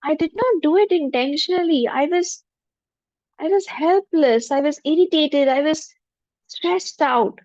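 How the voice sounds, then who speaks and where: A woman, a spiritual teacher leading a guided forgiveness meditation in a gentle, humble voice with repeated affirmations. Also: high-pitched, measured pace, no echo. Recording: dull lo-fi dry recording.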